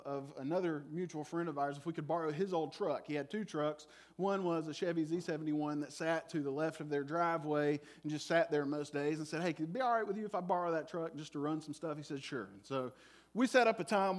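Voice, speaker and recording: A middle-aged man preaching a sermon, telling a lively personal story that swings from loud excitement to soft, reflective moments. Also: on the high side. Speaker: pastor.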